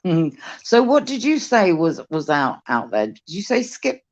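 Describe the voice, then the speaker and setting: On a fishing livestream, a British co-host chats casually and cheekily, telling stories and putting on voices for what people said. His voice is mid-range, sing-song and darkish and a little slow, and the call audio comes through muffled and lo-fi.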